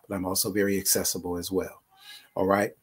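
A man's voice: deep voice, flat delivery, brisk, slightly rough. Emphatic middle-aged male preacher. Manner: emphatic, conversational preaching with repeated phrases. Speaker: bishop and online pastor. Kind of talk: live prayer broadcast talk.

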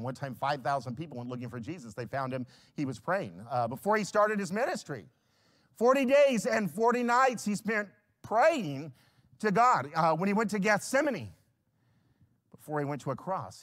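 A male pastor preaching a sermon, swinging from hushed lines to loud acted-out scenes. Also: medium pitch. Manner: acts out little scenes in quoted voices.

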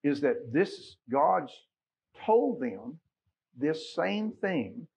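A man's voice: fairly high pitch, sing-song, very slow, creaky, a little mellow, slightly rough. A man with a Texan accent preaching a sermon as pastor, folksy and joking with his congregation.

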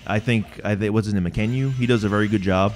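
A man's voice: on the low side, fairly even intonation, fast talker, darkish tone. A young man co-hosting a let's play, chatting casually with loose, profane banter and frequent restarts. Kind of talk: casual gaming commentary.

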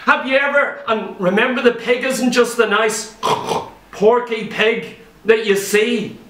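A male preacher with a very high, piercing, bright voice delivers an emphatic sermon full of rhetorical questions. He picks up from a distance, and the church hall around him rings with echo. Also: steady tone, unhurried. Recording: echoey church hall, voice from far off.

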